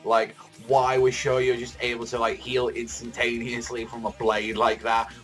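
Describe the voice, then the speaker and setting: Male vlogger, mid pitch, swears constantly and rambles excitedly; faint music underneath. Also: a little slow. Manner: excitable, profane, rambling with many fillers. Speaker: manga reaction vlogger. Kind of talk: casual reaction commentary.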